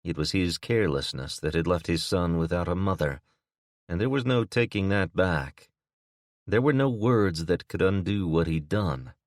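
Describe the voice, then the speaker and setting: A man narrating an audiobook in a steady, even manner. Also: low voice, no room sound, studio quality. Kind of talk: scripted narration.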